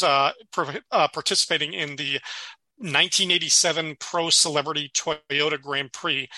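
A man's voice: fairly high pitch, dry recording. A man co-hosting a casual podcast, animatedly retelling a sitcom scene and acting out the lines, with frequent laughs. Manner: animated retelling, acts out quoted dialogue, laughs often. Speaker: podcast co-host. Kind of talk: casual chat recapping a sitcom episode.

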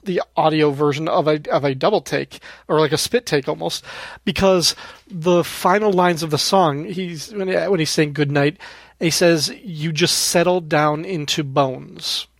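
A man co-hosting a podcast, telling an animated, self-mocking story in a casual chat. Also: a little high, moderate pace, no room sound, clean studio sound. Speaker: podcast co-host. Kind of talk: casual music discussion.

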